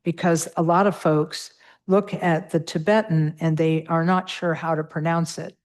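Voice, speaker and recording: A woman's voice: low voice, steady tone, moderate pace, darkish tone. A middle-aged woman teaching a Buddhist meditation class, patiently walking through pronunciation with many fillers.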